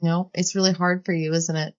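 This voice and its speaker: Low voiced woman podcast cohost, teasing n chatty, kinda dull lo-fi audio. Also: little pitch movement, brisk. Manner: teasing, chatty, laughs easily. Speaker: podcast co-host. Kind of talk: casual podcast chat.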